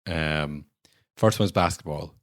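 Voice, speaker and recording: Deep-voiced man, wry podcast co-host. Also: slow pace, dry recording, clean studio sound. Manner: wry, rambling, swears casually. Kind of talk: casual film review chat.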